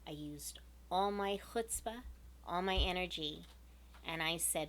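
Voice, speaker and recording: A woman earnestly telling a personal story to her viewers, emotional and unhurried. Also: fairly low pitch, a bit bright. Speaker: vlogger.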